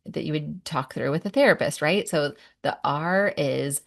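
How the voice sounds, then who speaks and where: A woman with a deep voice and a gravelly fry gives a gentle podcast talk as a parenting coach. She walks through each step in a reflective way and sighs between thoughts. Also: normal speed.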